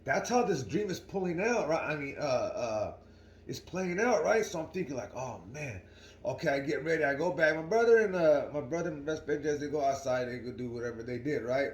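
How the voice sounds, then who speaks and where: A man's voice: medium pitch, expressive, fairly quick, echoey room, slight background noise. A young man telling a story casually to his viewers in a slangy, rambling way, often asking "right?". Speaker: vlogger.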